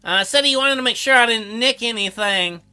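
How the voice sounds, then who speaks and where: Man putting on a curt, gruff sailor. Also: extremely high pitch, normal speed, sharp tone, soft background music, exaggerated voice.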